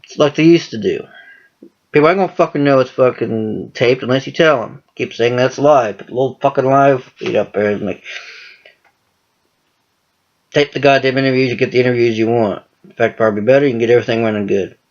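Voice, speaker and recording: A wrestling fan with a medium-pitched voice talks a little fast, rambling casually and profanely about wrestling storylines. The monologue is packed with cursing and captured in a dull lo-fi recording.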